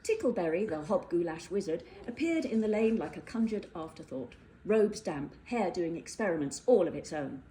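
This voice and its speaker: A woman reading a whimsical fairytale aloud, playful and animated. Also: on the low side, normal speed, hardly any pauses, slight background noise, low-quality recording. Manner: playful, animated, with voiced characters. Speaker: storyteller. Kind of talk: storybook narration.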